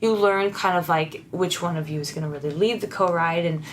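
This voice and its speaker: Casting: lower-voiced woman songwriter, relaxed interview chat, earnest, quick to laugh. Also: a loud crowd. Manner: laughs often, warm and candid, with frequent restarts; earnest and encouraging. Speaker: songwriter guest.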